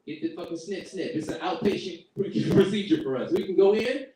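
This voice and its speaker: Crude stand-up comic guy, high lively voice, echoey room, mic far off, noisy. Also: normal speed. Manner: crude, animated, puts on squeaky kid voices. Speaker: stand-up comedian. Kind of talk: stand-up comedy set. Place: room at a home open mic.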